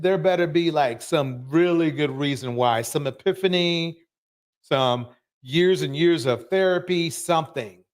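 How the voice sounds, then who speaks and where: A man hosting a live show, commenting emphatically and ranting about what he has just watched. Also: on the high side. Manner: emphatic, ranting, repeats himself.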